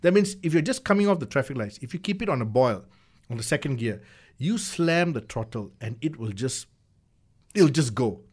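A man chatting casually as a car reviewer, animated and often repeating words as he builds a point. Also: mid-range voice, moderate pace, slightly rough. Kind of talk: casual chat.

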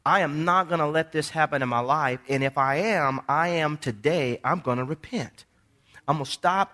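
A male pastor preaching a sermon in a church, calling for responses from the congregation and swinging from hushed tones to shouts. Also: mid-range voice. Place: church sanctuary during a service.

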